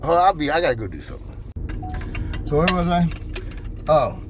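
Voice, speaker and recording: Man, vlog rant, blunt, profane, rambling, slightly high voice, faint background noise. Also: sing-song, fairly quick. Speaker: commentator. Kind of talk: ranting vlog commentary.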